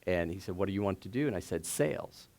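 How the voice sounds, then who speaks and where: A low-voiced man with a gravelly edge, telling stories onstage as a guest at a live event. He talks in an animated way, laughs often and restarts his sentences a lot. He is middle-aged. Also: fast talker. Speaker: startup founder and guest. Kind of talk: casual onstage storytelling. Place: stage before a live audience.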